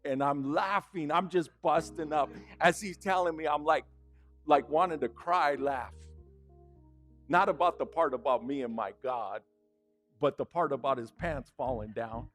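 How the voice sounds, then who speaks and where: Male pastor, sermon, conversational storytelling, animated, fairly high voice, faint music behind. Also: measured pace. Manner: animated, conversational, laughing at his own stories.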